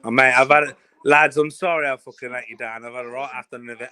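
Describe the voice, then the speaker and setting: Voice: mid-range voice, fairly even intonation, quick pace, bright, forceful tone. A guest on a live football watchalong, brash and jokey, trading banter with the hosts. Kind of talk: casual live match reaction chat.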